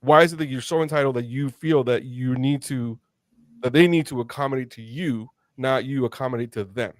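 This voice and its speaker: A male podcast host from Mexico speaks in a middle-pitched voice, recorded close and dry with no room sound. He talks with passion and rambles, restarting sentences often as he works his way to a point. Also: fairly quick, no echo. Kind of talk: casual interview chat.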